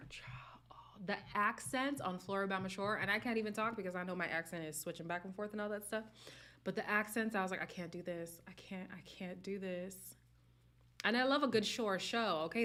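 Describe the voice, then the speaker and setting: Young woman, live-stream host, casual chat, candid, laughs a lot, mid-pitched voice. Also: a bit bright. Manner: chatty and candid, with frequent laughs and "like" fillers.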